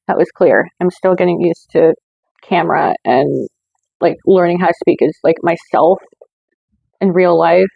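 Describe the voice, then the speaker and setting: A woman's voice: on the low side, no echo, highs cut off. A woman hosting her own movie review channel, talking in a chatty way with lots of fillers and self-corrections. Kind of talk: casual scripted review.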